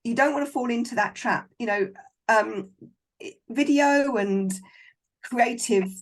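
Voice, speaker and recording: A woman's voice: on the high side, measured pace. Frank, encouraging woman on a video call. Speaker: guest filmmaker. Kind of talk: casual interview chat.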